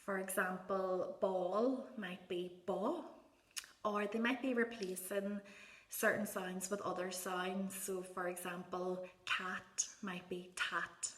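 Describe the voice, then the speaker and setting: A woman speech therapist gives parents gentle, encouraging advice and models words in a soft sing-song voice. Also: medium pitch, steady tone, slow. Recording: echoey room.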